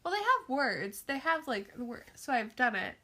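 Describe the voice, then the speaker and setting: Bright-voiced young woman telling stories. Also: high-pitched, normal speed. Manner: animated storyteller, quirky, laughs. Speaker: podcast co-host, daughter. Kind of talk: casual chat.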